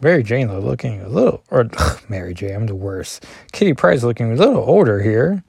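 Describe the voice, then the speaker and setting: A man's voice: medium pitch, very animated, brisk, gravelly, a little mellow, breathy edge, no echo, studio quality. A man chatting through a comic issue page by page, filling the talk with "like" and self-deprecating asides. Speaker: comic book vlogger. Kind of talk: casual comic reading and commentary.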